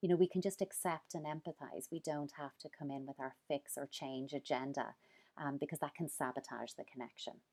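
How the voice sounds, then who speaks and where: A woman's voice: rumbling low, steady tone, moderate pace, darkish tone. A woman giving earnest parenting advice in a conversation, acting out examples as she goes. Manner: earnest, explains with quoted examples. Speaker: parenting expert guest.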